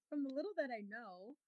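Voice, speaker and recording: A woman's voice: sits high, no echo, highs cut off. A woman gospel singer in a casual chat, laughing often and teasing playfully.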